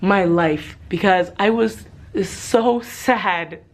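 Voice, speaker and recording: A woman's voice: on the low side, very slow. A woman vlogging in a casual monologue, talking in an emotional, sentimental and rambling way.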